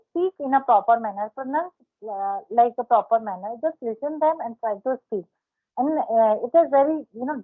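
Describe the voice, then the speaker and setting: This English speaking coach, a woman with a rather high voice, hosts a relaxed practice chat with a learner on an online call. She keeps repeating words while fixing pronunciation, and the audio comes through narrow and tinny, much like a telephone.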